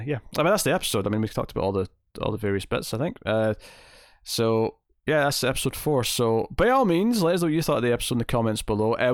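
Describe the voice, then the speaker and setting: A man's voice: medium pitch, dry recording, studio quality. A man hosting a podcast, chatting casually and enthusiastically about a TV episode with many restarts. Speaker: podcast host. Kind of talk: casual TV recap chat.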